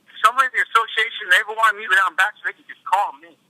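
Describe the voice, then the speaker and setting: A furious man rants and curses in a private meeting. His voice sits high and sounds hard and strained. The recording is dry and close. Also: steady tone, racing, sharp tone, dry recording, low-quality recording. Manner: furious, profane, repeating himself. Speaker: mayor. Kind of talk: angry rant in a private meeting.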